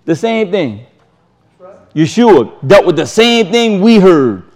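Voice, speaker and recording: A man's voice: sits high, very animated, takes it slowly, a little mellow. A man teaching a sermon, reading scripture aloud and commenting in an emphatic, casual way, repeating his key phrases and chuckling between points. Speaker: Bible teacher.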